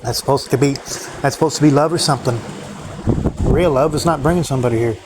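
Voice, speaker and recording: A man rambles bitterly to his viewers, swearing often and repeating himself. His voice sits at an ordinary middle pitch. A clear hum of background noise runs under him. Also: fast talker. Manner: profane, bitter ranting, repetitive. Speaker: vlogger. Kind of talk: rambling solo monologue.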